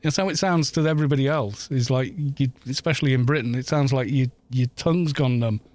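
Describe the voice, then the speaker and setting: A man's voice: mid-range voice, a little fast, a little mellow. A man from Wales chatting casually on a gaming live stream, rambling, laughing often and swearing at the game.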